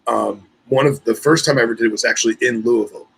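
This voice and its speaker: A man co-hosting a podcast, chatting in a relaxed, self-mocking way. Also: mid-range voice, fast talker, gravelly, slightly rough, poor audio. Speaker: podcast co-host. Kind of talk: casual chat.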